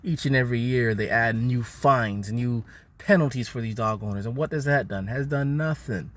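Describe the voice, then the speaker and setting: A man's voice: medium pitch, moderate pace. Man ranting with repeated stumbles. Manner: repetitive, stumbling, contemptuous ranting. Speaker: channel host. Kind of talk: ranting monologue.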